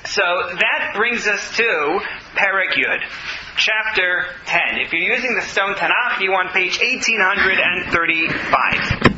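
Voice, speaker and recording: Here the scripture teacher speaks slowly in a high-pitched voice over a noisy background. He reads the Hebrew text, renders it in translation, explains it and answers questions from his class, all captured in dull, roomy classroom sound.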